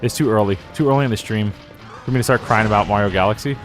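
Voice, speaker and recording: A man's voice: lowish voice, fast, soft background music. A young man streaming a game, rambling casually, laughing often and slipping into silly quoted voices. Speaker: gaming streamer. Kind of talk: casual live-stream commentary.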